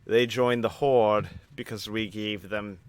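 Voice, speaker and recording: A man's voice: fairly low pitch, steady tone, takes it slowly, clear, resonant tone, no room sound. A man voicing a grim male elf commander who rallies his troops. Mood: grave. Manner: commanding, shouts battle cries.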